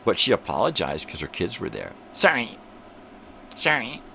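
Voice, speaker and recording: Deep-voiced older man ranting, lively. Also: quick pace, gravelly, slight background noise. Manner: profane, heated rant with mocking impressions. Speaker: host. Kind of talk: ranting morning livestream. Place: home room with a fan running.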